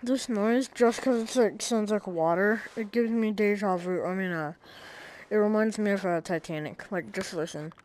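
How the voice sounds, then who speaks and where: A woman's voice: medium pitch, moderate pace, a little mellow, slight background noise, poor audio. A woman giving casual commentary while playing a video game, reacting with frustrated exclamations. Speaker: gamer. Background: game music.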